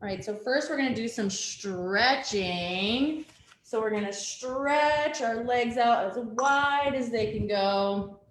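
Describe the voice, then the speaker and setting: Calm woman teaching yoga on a webcam. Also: fairly high pitch, takes it slowly. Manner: gentle, calm instructions with soft laughs. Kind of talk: guided family yoga class. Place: at home, with a dog nearby. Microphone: webcam on a video call. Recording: roomy home room with faint background noise.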